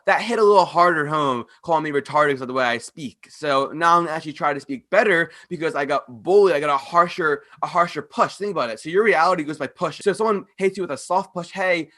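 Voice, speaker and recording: A man hosting a podcast, ranting bluntly and profanely in a fast, clearly pronounced casual delivery. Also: a little high, pushed and bright. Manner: fast-talking, with clear pronunciation. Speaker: podcast host.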